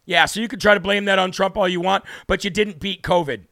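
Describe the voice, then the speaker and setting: Bright, gravelly man ranting politics. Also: high voice, steady tone, brisk, no room sound, studio quality. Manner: combative, indignant, mocking. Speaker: political talk show host. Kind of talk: heated political commentary monologue.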